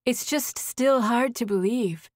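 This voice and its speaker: A woman's voice: fairly high pitch, takes it slowly, no echo, clean studio sound, voice pushed up. A woman voicing a flustered young woman on the phone. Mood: nervous. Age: 30s. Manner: breathless, flustered, rambling. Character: nervous excited young woman on a phone call. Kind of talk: audiobook dialogue.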